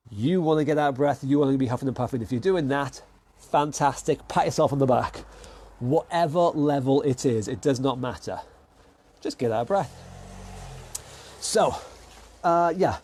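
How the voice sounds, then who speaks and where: A man's voice: fairly high pitch, darkish tone, no echo. A man leading an online fitness class, giving plain, encouraging instructions and counting down each exercise.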